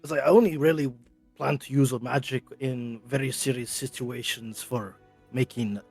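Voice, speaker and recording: A man playing a tabletop game, speaking quickly and casually about his character's actions. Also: medium pitch, fairly even intonation, darkish tone, slightly rough, faint music behind. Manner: quick, casual, laughing asides. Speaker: player. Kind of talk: tabletop role-play.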